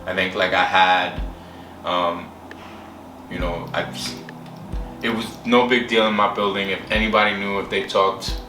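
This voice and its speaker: Candid man with a low voice. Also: level tone. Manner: candid, halting, with many fillers and acted quotes. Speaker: interviewee sharing his story. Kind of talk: personal storytelling. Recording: roomy distant mic with music behind.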